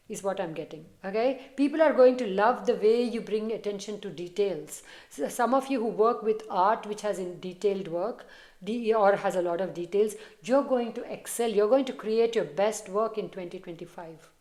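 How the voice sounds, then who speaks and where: A woman's voice: mid-range voice, moderate pace, a little mellow. A woman tarot reader talking casually and reassuringly straight to her viewers as she gives a reading. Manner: chatty, reassuring, direct address to viewers.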